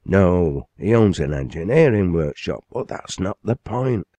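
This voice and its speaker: A man voicing an excitable elderly father in an audiobook, talking loudly and fast with a raised pitch. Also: no room sound, lo-fi sound, heavily acted. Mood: excited. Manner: excited, bursting with news.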